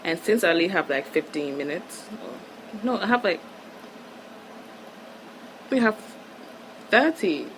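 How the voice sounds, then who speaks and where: A woman from Nigeria rambling through a casual solo podcast, giggling and correcting herself as she rushes along. Her voice sits fairly low, and she sometimes drops to hushed tones. A faint hum of air conditioning runs behind her. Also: lively intonation.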